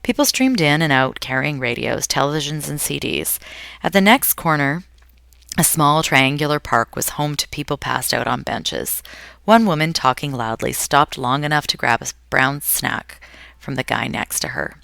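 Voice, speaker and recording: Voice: medium pitch, animated, normal speed, gravelly, bright, forceful tone, no echo, studio quality. A reader reading a novel aloud, with frequent slips and self-corrections. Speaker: audiobook reader.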